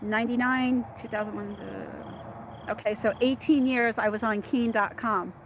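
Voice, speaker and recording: A woman's voice: medium pitch, sing-song, measured pace, background noise. A middle-aged woman hosting a casual livestream, chatting and laughing as she answers commenters by name. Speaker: livestream host reading viewer chat.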